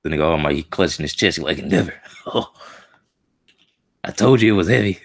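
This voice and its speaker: A man's voice: extremely low pitch, lively intonation, a little fast. A man streaming a live reaction to a comic chapter. He talks casually and emotionally in slang, muttering to himself as he reads.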